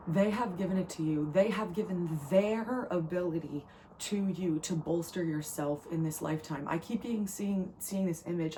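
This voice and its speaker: A young woman from New Jersey reads tarot and channels messages in a low, earnest voice. She gets emotional, restarts often and circles back to repeat herself. A faint hum of room sound sits underneath. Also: warm tone, rough recording. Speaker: tarot reader. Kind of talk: spiritual channeling reading.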